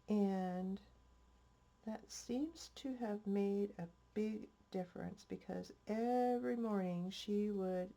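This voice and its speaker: Older woman, slow chatty homespun crafter. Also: medium pitch, dark tone. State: stuffy-nosed. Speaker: crafting channel host. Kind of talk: casual crafting vlog chat.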